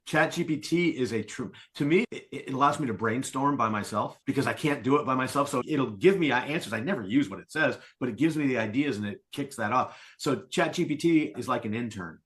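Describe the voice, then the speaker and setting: A middle-aged man talks as a sales coach on a podcast, an animated storyteller who slips into playful voices for the people he quotes. His voice sits at a mid pitch, and his delivery is easy and conversational. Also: fairly quick, hardly any pauses. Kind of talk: conversational interview.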